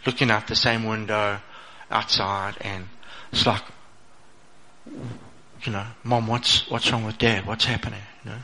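A man's voice: medium pitch, bright, forceful tone, poor audio. A middle-aged man gives an informal motivational talk, sharing a personal story and asking "okay?" again and again. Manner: conversational, repeats "okay?" often, restarts phrases. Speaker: speaker sharing a personal testimony.

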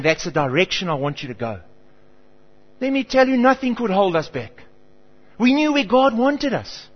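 A middle-aged man preaching a sermon as pastor, telling stories and acting out the people in them. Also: sits high. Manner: animated storytelling, acts out quoted voices. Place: church hall. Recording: dull reverberant church hall.

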